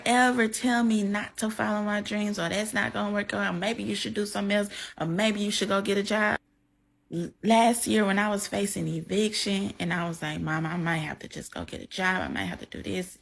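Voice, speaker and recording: Young woman with a gravelly low voice. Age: young adult. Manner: heartfelt, close to tears, conversational. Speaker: content creator. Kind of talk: emotional reaction vlog. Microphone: camera mic, facing camera.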